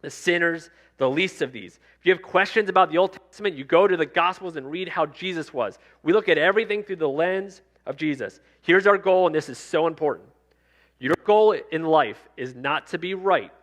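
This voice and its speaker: A man's voice: on the high side, normal speed, fairly bright tone. A male pastor delivering a sermon in a conversational preaching style, circling back to repeated refrains. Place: church sanctuary.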